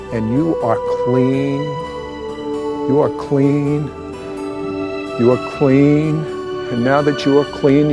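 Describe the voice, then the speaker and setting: A man hosting a TV program who preaches and leads a prayer, speaking solemnly and repeating his phrases. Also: medium pitch. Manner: slow, repetitive, solemn. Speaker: TV host. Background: soft music.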